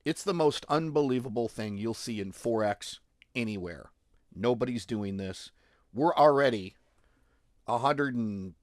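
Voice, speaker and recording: An excitable man who laughs a lot. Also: medium pitch, dry recording, studio quality. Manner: excitable, boastful, laughs often; emphatic, repeats phrases for punch. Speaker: forex trading instructor. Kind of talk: live trading screen walkthrough.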